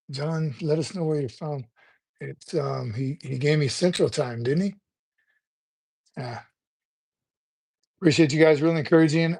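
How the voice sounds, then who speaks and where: An older man hosts a casual livestream chat in a voice on the high side, darkish and marked by vocal fry. He talks loosely and conversationally, rambling and repeating words while he gathers his thoughts.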